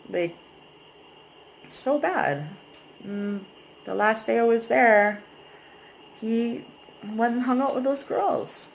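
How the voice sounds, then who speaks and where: A woman's voice: mid-range voice, slight background noise, low-quality recording. Frank, emotional woman venting to camera. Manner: frank, emotional, swears freely. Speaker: vlogger. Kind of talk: candid personal venting.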